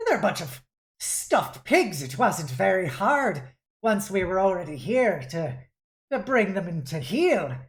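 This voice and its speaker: A woman's voice: medium pitch, big pitch swings, measured pace. A woman game master narrating a tabletop game, laughing often between scenes.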